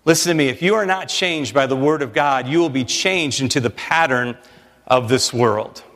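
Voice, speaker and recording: Animated preaching man in a reverberant hall. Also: medium pitch. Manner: animated, conversational preaching with quick asides. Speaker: pastor. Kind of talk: sermon.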